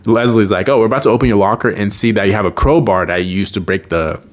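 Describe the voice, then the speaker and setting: A man with a fairly low voice casually recapping a cartoon episode. He talks loosely and animatedly, often breaking into laughter. He slips into the characters' voices as he quotes their lines. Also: quick pace.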